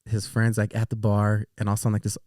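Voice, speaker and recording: A man's voice: on the low side, fast talker, no room sound, clean studio sound. A man co-hosting a casual podcast, telling funny stories and laughing often. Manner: joking, animated storyteller who laughs a lot. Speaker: podcast co-host. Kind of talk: casual couple's podcast chat.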